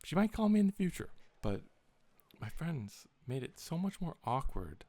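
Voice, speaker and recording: A man's voice: a little high, sing-song, normal speed, mellow, no echo. A young man in a casual, rambling vlog, retelling a story in an exasperated tone with lots of swearing. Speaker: vlogger.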